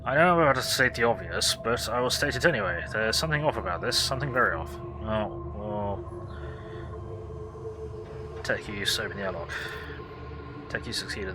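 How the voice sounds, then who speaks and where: A man's voice: lowish voice, animated, moderate pace, pauses often, noisy background. A man hosting a let's play, reading game text aloud and commenting in a casual, sardonic way with frequent swearing. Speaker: gaming host. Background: game music.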